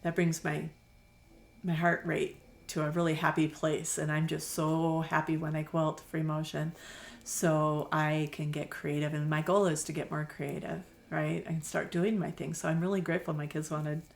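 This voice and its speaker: A woman's voice: deep voice, little pitch movement, moderate pace, gravelly. A middle-aged woman who owns a quilt shop, chatting enthusiastically in an interview and telling stories with many fillers. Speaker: quilt shop owner, guest. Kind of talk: casual interview conversation.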